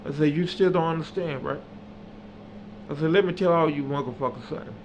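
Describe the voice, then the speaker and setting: Man telling a story, slightly higher voice. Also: brisk. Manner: animated, acts out dialogue, builds to loud emphatic peaks. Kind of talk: personal storytelling monologue. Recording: slightly dull audio with faint background hum.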